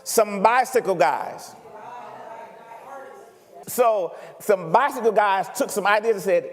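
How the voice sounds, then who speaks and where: A man preaching a sermon as pastor, animated and often checking in with the congregation. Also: high voice, takes it slowly, pauses often. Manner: animated preaching, asks the congregation if he makes sense. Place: church sanctuary. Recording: reverberant church hall.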